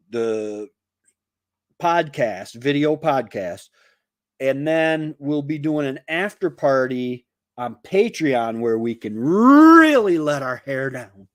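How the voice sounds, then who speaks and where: A man's voice: medium pitch, dry recording. A man hosting a casual live stream, rambling and chatty as he greets viewers by name from his home.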